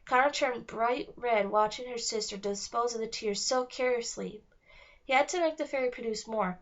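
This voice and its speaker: High-voiced woman reading a children's book. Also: normal speed. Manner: expressive storytelling. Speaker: reader. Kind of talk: children's book read-along narration. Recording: dull lo-fi recording.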